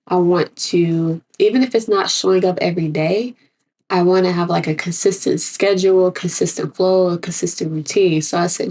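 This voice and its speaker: A young woman speaks in a relaxed, unscripted vlog, wandering through her thoughts with plenty of "like" and "um." Her voice sits a bit low and sounds husky, with a stuffy, congested edge from a cold. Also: moderate pace. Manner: rambling, filler-heavy, thinking aloud. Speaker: artist vlogger. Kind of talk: casual unscripted vlog talk.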